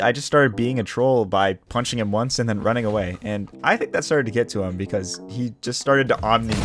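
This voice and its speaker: A man giving casual, wry narration over his gameplay as a gaming YouTuber. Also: mid-range voice. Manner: wry, laid-back storytelling.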